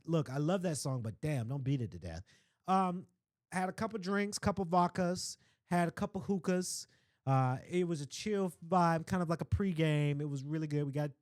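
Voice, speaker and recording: A young man hosting a podcast, telling a travel story in a rambling, chatty way full of asides and shout-outs. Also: fairly high pitch, no echo. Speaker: podcast host. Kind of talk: casual chat.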